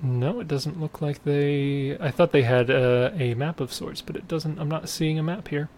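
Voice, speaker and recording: A man narrating as game master in a casual, halting way, full of fillers and restarts. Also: a little high, darkish tone, a little hiss or hum.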